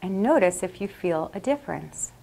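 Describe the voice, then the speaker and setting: A woman leading a workshop, guiding a group through a meditation in a slow, calm and soothing way. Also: mid-range voice, creaky. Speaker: workshop leader. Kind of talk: guided meditation. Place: classroom or workshop.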